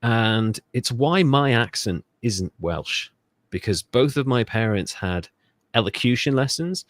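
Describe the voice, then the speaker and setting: A British man co-hosts a history podcast in casual chat, his medium-pitched voice lively in intonation and at normal speed, with no room sound. He tells the story in a sardonic, profane, rambling way.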